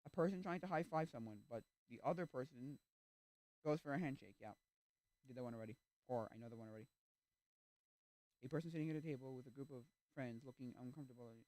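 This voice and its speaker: A man streaming and chatting casually, animated and easily exasperated, acting out little reactions. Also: mid-range voice, fast talker, long pauses, no room sound. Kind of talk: casual chat.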